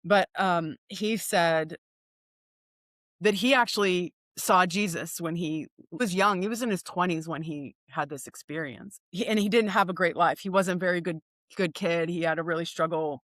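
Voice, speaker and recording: A woman's voice: lowish voice, normal speed, fairly bright tone, no room sound, clean studio sound. A woman guest on a podcast, telling stories earnestly in conversation with frequent restarts. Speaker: guest speaker.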